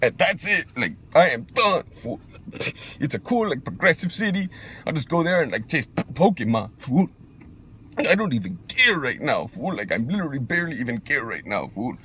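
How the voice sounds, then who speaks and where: A man's voice: medium pitch, very animated, moderate pace, bright, forceful tone, slight background noise. A man playing a macho young street guy who gets defensive, talking in a slangy drawl and calling everyone fool. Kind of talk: comedy sketch monologue.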